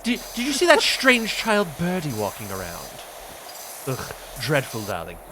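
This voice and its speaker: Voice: mid-range voice, huge pitch swings, unhurried, a crowd in the background, pitched below the performer's own voice. A streamer voicing a pompous aristocratic vampire dandy. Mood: haughty. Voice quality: haughty, drawling, says darling. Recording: hissy stream audio, spray noise.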